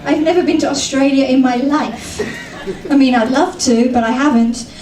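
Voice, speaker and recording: A woman's voice: high-pitched, moderate pace. A British woman doing a chatty, self-mocking stand-up comedy set with frequent ums. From Britain. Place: comedy club stage. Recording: echoey club, mic at a distance, faint room noise.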